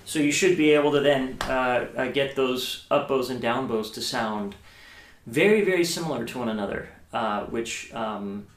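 A man teaches cello in a relaxed video lesson, his mid-pitched voice ringing in a roomy space. He talks it through step by step, pausing on ums and starting sentences over. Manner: thinking aloud with many fillers and restarts, explains step by step. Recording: echoey room.

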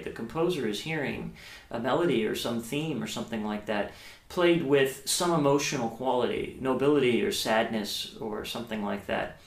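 A man teaches cello in a relaxed video lesson, his mid-pitched voice ringing in a roomy space. He talks it through step by step, pausing on ums and starting sentences over. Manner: thinking aloud with many fillers and restarts, explains step by step. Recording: echoey room.

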